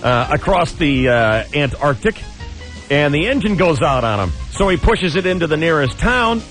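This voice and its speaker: A man's voice: on the high side, sing-song, moderate pace, a bit bright, faint music behind. A man hosting a radio joke contest, bantering and laughing while he tells jokes. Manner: jokey, laughs often, tells punchlines. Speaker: radio show host.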